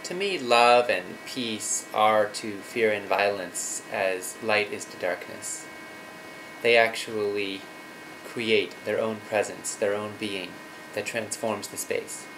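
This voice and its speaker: A man's voice: lowish voice, slow, background noise. A man in his thirties telling a personal story as a father, earnest and reflective, with some fillers.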